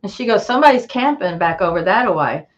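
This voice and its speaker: A woman tells a story in a relaxed chat, her pitch swooping up as she acts out the voices of the people she quotes. The sound is muffled and lo-fi, like call audio. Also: fast. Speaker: podcast guest.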